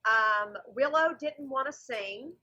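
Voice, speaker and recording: A woman's voice: high-pitched, takes it slowly, pushed and bright, highs cut off. A woman comedian chatting as a podcast guest, talking at length with enthusiasm. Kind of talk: casual podcast chat.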